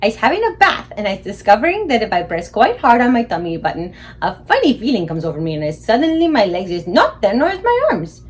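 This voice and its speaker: A woman librarian reading a children's book aloud in an expressive way. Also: fairly high pitch, fast, hardly any pauses, breathy edge.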